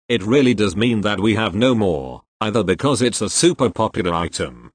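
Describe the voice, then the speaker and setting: A man's voice: lowish voice, dry recording. A man reading online retail stories aloud in a conversational storytelling way, adding casual asides. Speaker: narrator reading online posts.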